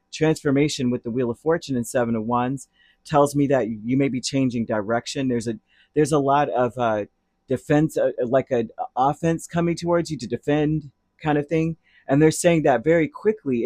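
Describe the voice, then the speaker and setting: A man's voice: mid-range voice, a little mellow, dry recording. Guy doing a tarot reading, rambly and chatty, gets fired up on tangents, dry close sound. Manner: rambling, chatty, drifts into heated asides. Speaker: tarot reader. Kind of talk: casual tarot reading to camera.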